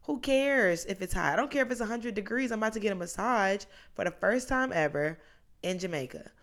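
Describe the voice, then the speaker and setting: A woman's voice: medium pitch, lively intonation, a little fast, fairly bright tone. A woman in her twenties hosting a podcast on her own, talking casually in a chatty, rambling way that drifts onto tangents. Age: 20s. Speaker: podcast host. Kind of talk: casual solo podcast monologue.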